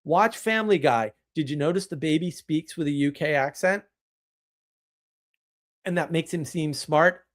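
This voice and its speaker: Animated, opinionated male live-streamer. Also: on the high side, a little slow, pauses often. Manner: animated, opinionated, rambling with restarts. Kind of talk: casual live-stream talk answering chat.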